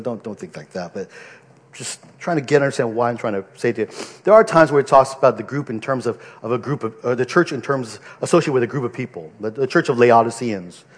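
A man's voice: mid-range voice, big-room sound. A male pastor preaching a sermon from the pulpit, earnest and conversational, often restarting his sentences. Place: church pulpit.

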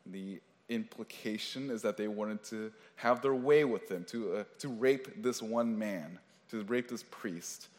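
A man's voice: lowish voice, unhurried, few pauses, a little mellow. A male pastor delivering a sermon in a conversational way, often restarting phrases and adding casual asides. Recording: long reverb of a large hall.

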